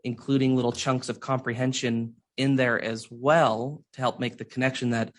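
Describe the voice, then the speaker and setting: Earnest mid-pitched male guest. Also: level tone, normal speed. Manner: earnest, thinks aloud with restarts. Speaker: literacy researcher guest. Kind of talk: conversational podcast discussion.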